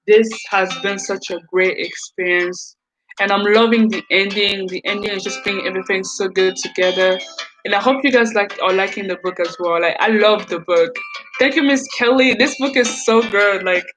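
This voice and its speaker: A woman's voice: medium pitch, normal speed, poor audio. A woman reading a children's novel aloud, enthusiastic, often stumbling and restarting lines. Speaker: reader. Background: background music.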